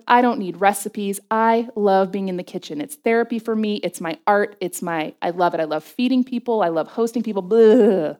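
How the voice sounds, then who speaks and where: A middle-aged woman giving a faith talk to a group, telling animated personal stories with quick asides and laughing at herself. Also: medium pitch. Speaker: speaker addressing a group.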